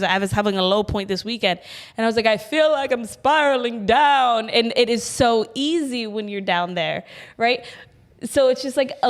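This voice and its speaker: Animated, giggly woman podcast co-host. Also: medium pitch. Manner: animated, giggly, visual storyteller. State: pregnant. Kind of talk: casual chat.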